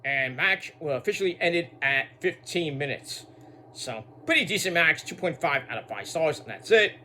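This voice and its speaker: A man's voice: a little high, animated, normal speed, sharp tone, slight background noise. A man giving a casual recap of a show. He rambles, repeats words, makes asides and swears freely. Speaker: wrestling show reviewer.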